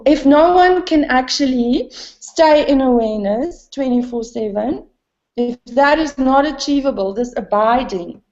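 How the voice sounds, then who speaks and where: A woman's voice: animated, a little slow, a little mellow. Rambling woman in an echoey room. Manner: rambling, many fillers; self-deprecating, laughs often. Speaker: satsang participant. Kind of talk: candid spiritual conversation. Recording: dull, roomy, low-fidelity.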